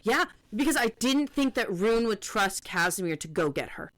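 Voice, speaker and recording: A woman's voice: medium pitch, sing-song, normal speed, fairly bright tone, no echo. A woman co-hosting a podcast, chatting casually about a book and restarting her sentences as she paraphrases characters. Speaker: podcast co-host.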